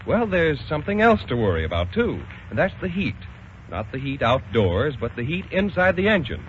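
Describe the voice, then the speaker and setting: A man's voice: fairly high pitch, very animated, moderate pace, slight background noise. Folksy male radio announcer. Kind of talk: scripted commercial. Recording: muffled old radio broadcast.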